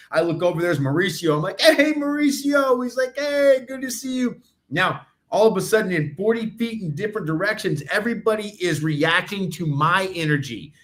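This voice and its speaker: A man co-hosting a podcast, telling stories with high energy and acting out what other people said. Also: fairly bright tone. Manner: high-energy storytelling, acts out others' lines. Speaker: podcast co-host. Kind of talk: casual podcast chat.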